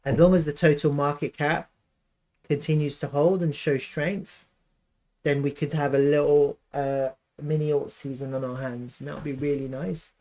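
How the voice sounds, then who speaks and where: A man's voice: a little high, level tone, normal speed, darkish tone. A man giving a casual live chart analysis, thinking aloud with fillers and restarts.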